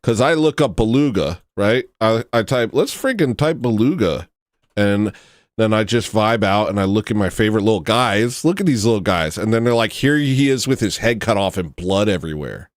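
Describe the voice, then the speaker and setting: Man hosting a casual livestream, animated low voice that gushes and drops to a hush, dry close sound. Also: normal speed, dry recording. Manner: animated, gushing, slips into a choked near-whisper. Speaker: livestream host.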